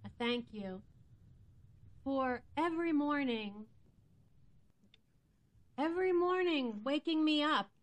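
Woman guest, higher voice, dry one-liners. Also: expressive, slow pace, pauses often. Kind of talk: casual chat.

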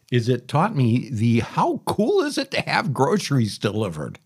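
Rambling folksy man with a husky voice. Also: medium pitch, huge pitch swings, moderate pace, few pauses. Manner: rambling, folksy, self-interrupting. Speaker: podcast host. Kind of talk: casual storytelling monologue.

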